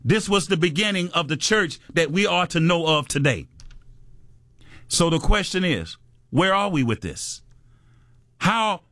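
Fervent male preacher, high and dry. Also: a bit bright, no room sound. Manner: fervent preaching, drops low on asides. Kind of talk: sermon.

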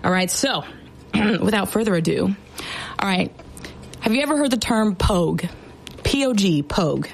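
A woman's voice: mid-range voice, animated, moderate pace, vocal fry, long pauses. Chatty young woman explaining slang. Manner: chatty, filler-heavy, playful teasing asides. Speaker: soldier explaining military slang. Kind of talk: casual explainer vlog.

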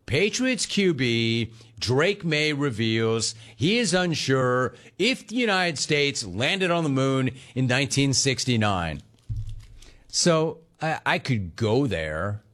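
Animated, fast-talking male sports radio host. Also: medium pitch. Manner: sarcastic, storytelling, impersonates callers and family.

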